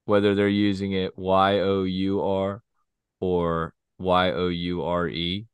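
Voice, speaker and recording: A man co-hosting a podcast, telling stories in a slow, laid-back casual chat. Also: sits low, level tone, smooth, dry recording. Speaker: podcast co-host.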